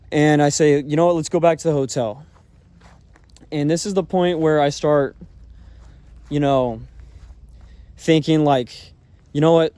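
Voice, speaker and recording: A man's voice: on the high side, measured pace, long pauses, mellow, clear, resonant tone, dry recording. A man telling a personal story in a casual, rambling way, full of fillers and swearing. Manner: rambling, filler-heavy talk with frequent swearing.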